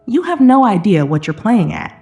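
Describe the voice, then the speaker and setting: A woman voicing a cold, mocking, controlling husband who speaks low and menacingly. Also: big pitch swings, moderate pace, warm tone, soft background music.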